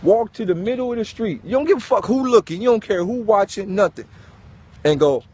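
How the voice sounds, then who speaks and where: A man giving an animated, preachy motivational talk, swearing and calling listeners dog. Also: high-pitched, a little fast, slightly rough, dry recording, highs cut off. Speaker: host.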